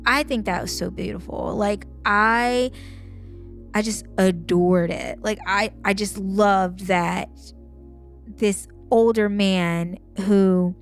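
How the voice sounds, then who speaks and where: A woman's voice: mid-range voice, fairly even intonation, takes it slowly, soft background music. A woman co-hosting a book podcast, talking enthusiastically with many small hedges. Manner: enthusiastic, hedging with fillers. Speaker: podcast co-host. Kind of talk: casual book discussion.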